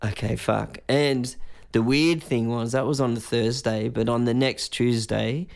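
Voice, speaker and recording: Gravelly Australian man telling a rambling story. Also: mid-range voice, fairly even intonation, unhurried, darkish tone. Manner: loose, rambling, swears freely, acts out voices in anecdotes. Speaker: musician guest. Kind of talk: casual storytelling in conversation.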